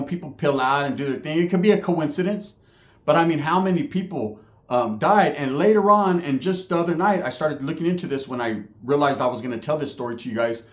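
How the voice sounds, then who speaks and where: A man from California telling a story in a casual, profane, slangy way. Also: on the high side. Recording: roomy echo.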